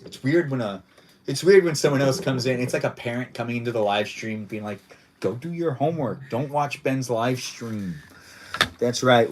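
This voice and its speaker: A man's voice: mid-range voice, slight background noise. A man hosting a casual livestream, rambling playfully and repeating his own phrases as he chats with viewers and guests. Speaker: livestream host.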